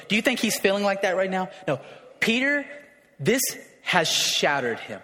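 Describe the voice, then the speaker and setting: Brief: male preacher, high voice, chatty sermon delivery with emphatic swells, long hall echo. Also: very animated, normal speed, pushed and bright. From raised in a city.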